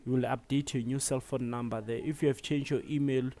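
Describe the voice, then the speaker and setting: A South African man giving a relaxed step-by-step tutorial, with many fillers as he explains. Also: medium pitch, a little fast. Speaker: tutorial presenter. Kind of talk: screen-recorded tutorial.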